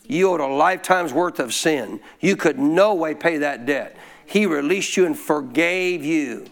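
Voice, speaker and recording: A man teaching scripture in a folksy, informal way, prompting listeners to answer him out loud. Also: fairly high pitch, unhurried. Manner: call-and-response, prompts listeners to answer aloud. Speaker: Bible teacher. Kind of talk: interactive Bible teaching.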